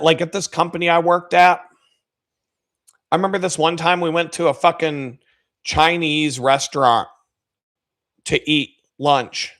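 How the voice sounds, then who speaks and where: A man hosting a live stream, telling crude workplace stories in casual speech full of swearing. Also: on the high side. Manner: crude, swearing, animated storytelling with laughs. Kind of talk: profane casual storytelling.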